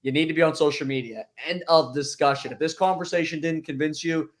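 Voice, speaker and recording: A host with a somewhat high voice chats casually in an interview. He tells stories in an animated way and acts out the voices of the people he quotes. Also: brisk.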